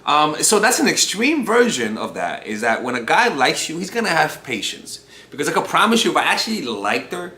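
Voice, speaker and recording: Animated, rambling man in an echoey room. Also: on the high side, fairly quick, hardly any pauses. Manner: rambling, profane, animated storytelling with many restarts. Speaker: dating coach. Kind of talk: casual advice monologue to camera. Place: room at home.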